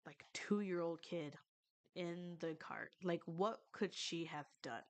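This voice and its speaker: A woman's voice: lowish voice, takes it slowly. A young woman streamer telling a true story in a loose, rambling way, with lots of fillers and casual swearing.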